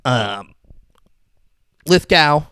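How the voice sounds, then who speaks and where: A man's voice: on the high side, drawn-out words, clean tone, no echo. Guy recapping a tv episode on a podcast, swears a lot, voice bouncing all over, dry close mic. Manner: animated, profane storytelling. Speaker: podcast host.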